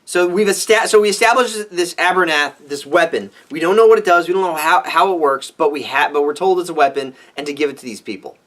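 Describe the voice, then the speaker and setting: A man giving a ranting film review for his vlog, animated and exasperated, swearing freely. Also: on the high side, quick pace, few pauses. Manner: animated, exasperated, profane, with frequent restarts.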